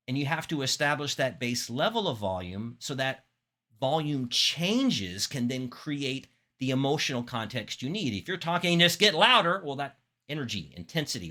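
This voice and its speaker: Animated, bright-voiced male speaking teacher. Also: mid-range voice. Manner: demonstrates voices, animated and expressive. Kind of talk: instructional talk.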